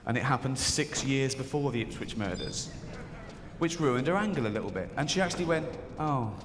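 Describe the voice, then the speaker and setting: A man's voice: mid-range voice, expressive, a little fast, in a large hall, noisy background. A man performing a stand-up comedy routine, telling a story and acting out the voices of the people in it.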